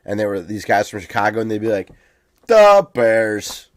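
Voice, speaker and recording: A man's voice: on the low side, little pitch movement, racing, no room sound, studio quality. An American man co-hosting a podcast, chatting casually and rambling with lots of ums. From United States. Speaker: podcast co-host. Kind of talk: casual chat.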